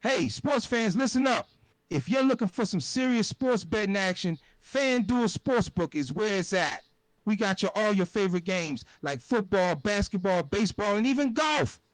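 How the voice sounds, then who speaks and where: A hip jive-talking announcer with punchy emphasis, put on by a synthetic male voice. He pitches high and lively. The sound is dry and close. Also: fast talker, hardly any pauses, dry recording, lightly acted. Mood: hyped.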